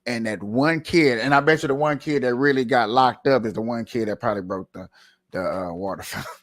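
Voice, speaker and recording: This guy is doing relaxed, energetic livestream commentary, peppering it with repeated rhetorical questions and plenty of slang. He speaks at a medium pitch and a touch quickly.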